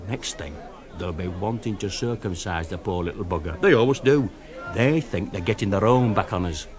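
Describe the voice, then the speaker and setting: A man voicing a gruff older male relative with a Northern English accent, grumbling and rambling. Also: deep voice, normal speed, darkish tone, close to an everyday voice. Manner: complaining, rambling storyteller.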